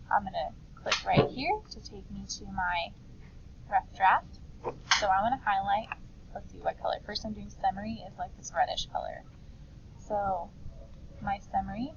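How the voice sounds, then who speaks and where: A woman's voice: mid-range voice, recorded from a distance. A woman teacher who reads an example aloud and then explains it step by step in a screen-recorded writing lesson. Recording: slightly dull, faint background noise.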